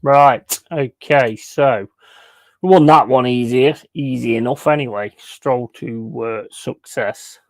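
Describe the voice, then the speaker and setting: Gravelly, sweary man. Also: medium pitch, slow pace, dry recording. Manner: blunt, crude and laughing. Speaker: streamer. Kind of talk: casual sweary storytelling while gaming.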